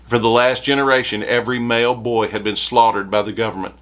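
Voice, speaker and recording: A man's voice: medium pitch, steady tone, quick pace, fairly bright tone. A man preaching a short devotional sermon, reading scripture aloud with rising emphasis.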